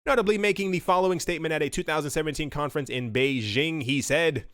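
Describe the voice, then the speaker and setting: A man giving casual, opinionated commentary in a voice pitched a bit high for a man. He talks loosely, full of fillers and restarts. The sound is dry and close. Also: quick pace, a bit bright, clear, resonant tone, no room sound. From United States. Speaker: crypto video host.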